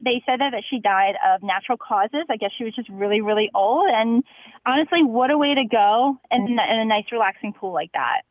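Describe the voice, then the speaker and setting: Young female caller, chipper, slightly high voice, dry close sound. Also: no room sound, poor audio. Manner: chipper, laughs through a grim story. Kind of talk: phone-in storytelling.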